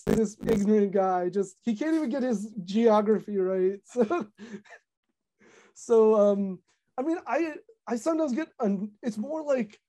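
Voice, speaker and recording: Chatty young woman, mellow voice. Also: medium pitch. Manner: chatty, lots of fillers, animated storytelling. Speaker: content creator guest. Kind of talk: casual podcast chat.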